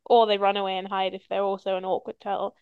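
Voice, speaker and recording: Woman host, chatty, gravelly edge, dull lo-fi audio. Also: mid-range voice, level tone, quick pace, no room sound. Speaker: podcast host. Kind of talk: casual chat. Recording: dull lo-fi recording.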